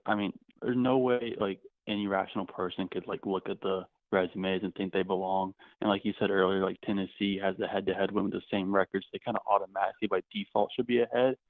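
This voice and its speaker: A man's voice: on the low side, no echo. A man calling in to a sports show, talking football casually and politely. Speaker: caller. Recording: tinny phone line.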